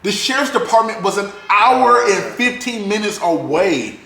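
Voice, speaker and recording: A man on a casual podcast, telling a long story in an animated, profane, fast-talking way. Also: sits high, echoey room, faint music behind. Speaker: podcast co-host.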